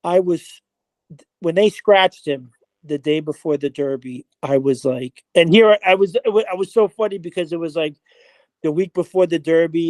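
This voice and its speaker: A man being interviewed, telling an animated, casual story full of acted-out dialogue and slang. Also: a little high, normal speed, no room sound. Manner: animated storyteller, acts out quoted dialogue, frequent "I was like". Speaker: interview guest, horse player.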